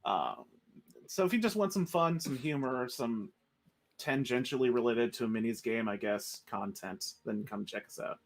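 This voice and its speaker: A man's voice: mid-range voice, animated, moderate pace. A man who plays and runs a podcast, rambling casually and trailing off. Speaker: player and podcaster. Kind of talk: casual chat.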